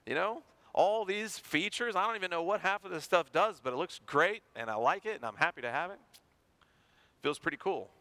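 A man preaching a sermon, animated and acting out everyday people to make his points. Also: a little high, a little fast. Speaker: pastor.

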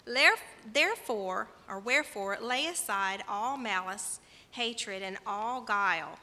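A woman delivers a sermon in a church sanctuary. She talks in a conversational way and puts questions to the congregation. Her voice is bright and ringing, and a long reverb trails behind it in the hall. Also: medium pitch, expressive, unhurried. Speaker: preacher.

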